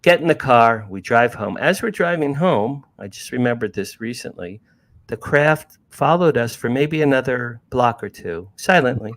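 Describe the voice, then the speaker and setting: A man's voice: mid-range voice, lively intonation, normal speed, a bit bright. A man in his sixties from New Jersey, an author guest telling a story animatedly, often restarting and repeating words. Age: 60s. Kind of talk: casual storytelling.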